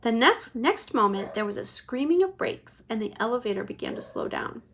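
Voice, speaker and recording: A woman reading a children's chapter book aloud to her child, lively and expressive. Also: a little high, moderate pace, slight background noise. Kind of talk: bedtime read-aloud.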